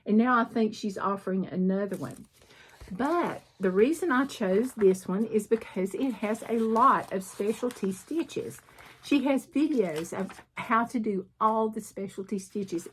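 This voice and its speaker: A middle-aged woman with a Southern accent chatting casually as she shows her cross stitch projects, rambling a little and often clearing her throat. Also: mid-range voice. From southern United States. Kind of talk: casual chat showing needlework projects.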